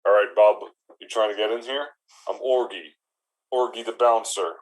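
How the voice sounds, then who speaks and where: A man playing a laid-back male orc bouncer in an improv comedy scene. He talks slowly and deadpan in an everyday voice, rambling on about his lonely life. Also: fairly low pitch, natural voice, poor audio.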